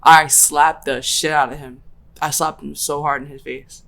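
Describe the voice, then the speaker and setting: A young woman with a low, deep voice hosts a casual podcast. She tells a personal story in slangy, animated talk and voices her own quoted lines. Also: moderate pace, vocal fry. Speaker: podcast host.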